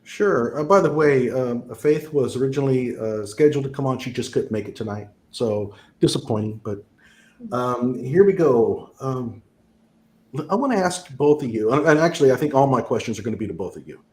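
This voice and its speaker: A male host asks his questions with lots of hesitation and filler words. His voice is animated and rises and falls widely as he talks. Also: mid-range voice, moderate pace. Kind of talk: interview questions.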